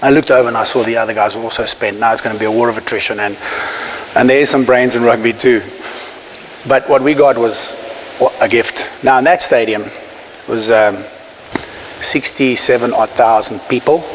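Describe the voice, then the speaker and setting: South African man giving a keynote in a hall. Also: mid-range voice. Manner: storytelling, emphatic, with pauses for effect. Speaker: keynote speaker. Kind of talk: inspirational keynote speech. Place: large conference hall. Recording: hissy hall recording, echoing.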